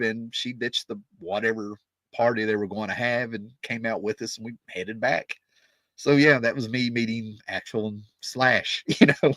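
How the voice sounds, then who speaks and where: A man's voice: medium pitch, a bit bright, no echo. A man in his fifties telling a rambling, casual story as a music vlogger, often checking in with "right?" and "you know".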